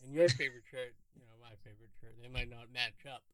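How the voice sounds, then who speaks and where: A man co-hosting a casual chat, recapping a TV episode and quoting characters in a low mutter. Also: fairly even intonation, fast talker. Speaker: podcast co-host.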